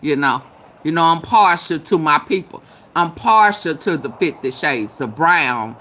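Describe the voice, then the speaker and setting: A tipsy woman, hosting a casual live chat, loud and laughing, swearing and calling out viewers by name. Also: low-pitched, expressive, unhurried. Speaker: live stream host.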